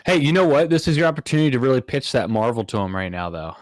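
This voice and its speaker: A man's voice: medium pitch, sing-song, quick pace, dry recording, studio quality. A man hosting a casual podcast, thinking aloud in a rambling, easygoing way. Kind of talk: casual chat.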